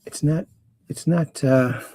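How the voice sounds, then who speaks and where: A man's voice: on the high side, slow pace, dark tone, no room sound. A middle-aged man hosting a livestream, rambling with dad jokes and reading out viewers' chat greetings. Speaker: host. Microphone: close camera mic.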